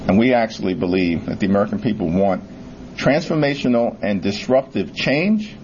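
A man's voice: on the low side, animated, moderate pace, darkish tone, muffled recording, a little hiss or hum. A man from New York making firm, emphatic remarks at a news conference.

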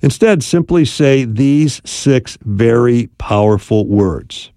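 Speaking at a moderate pace in a dark-toned, mid-range voice, a man teaches about apologizing in marriage. His instructional talk is conversational and full of tag questions. The studio recording is clean, with no room sound.

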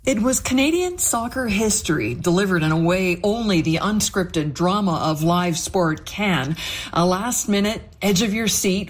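A woman files a scripted news report, leaning into vivid phrases with emphasis. Her voice has a husky edge. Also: mid-range voice.

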